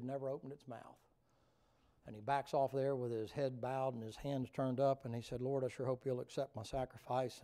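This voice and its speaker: A man's voice: mid-range voice, mellow. A man preaching a revival sermon in a folksy, colloquial storytelling manner, talking directly to the congregation. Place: church sanctuary.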